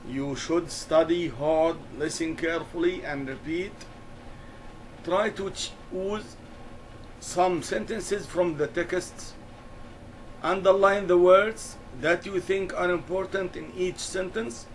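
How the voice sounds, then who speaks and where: Male English teacher, very slow, deliberate, repeats key words for the class. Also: high voice, fairly even intonation, a little hiss or hum, rough recording. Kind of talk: classroom lesson explanation.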